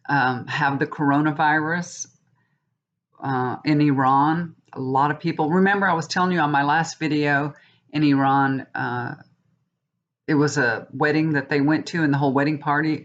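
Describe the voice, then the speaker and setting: Chatty indignant woman, dull lo-fi sound. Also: deep voice. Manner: chatty, indignant, addresses viewers as y'all. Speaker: tarot reader. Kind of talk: casual chat to viewers.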